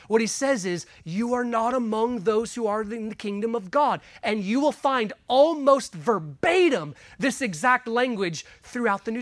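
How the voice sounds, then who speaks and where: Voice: medium pitch, no echo. Earnest preacher with dry close sound. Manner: earnest, emphatic, shifts between loud stresses and quiet asides; guides listeners through Bible passages. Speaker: pastor. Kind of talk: sermon with scripture reading.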